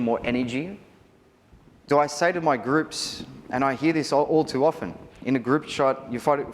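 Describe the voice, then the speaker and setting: An Australian man giving a wedding photography seminar, chatty and animated, often asking the audience questions. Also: medium pitch, a little hiss or hum. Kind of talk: live seminar talk to an audience. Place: large hall. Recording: reverberant hall with faint ambience.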